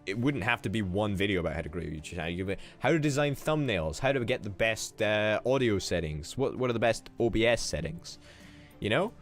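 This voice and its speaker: A man co-hosting a let's play, chatting casually while gaming, animated, laughing easily and swearing freely. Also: on the low side.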